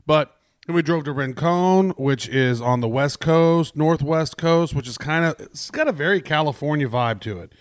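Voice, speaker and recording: A man with a slightly high voice co-hosts a podcast, chatting in a loose, rambling way full of fillers and the occasional swear word. The sound is dry and close, with no room around it. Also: normal speed, no room sound. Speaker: podcast co-host. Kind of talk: casual chat.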